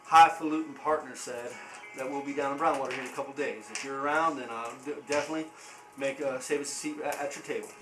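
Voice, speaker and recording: A man voicing a muddy, toothless young male ranch hand who speaks in a hesitant, halting drawl. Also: mid-range voice, fairly even intonation, echoey room, over music, close to an everyday voice, poor audio. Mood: wary. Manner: hesitant drawl full of pauses.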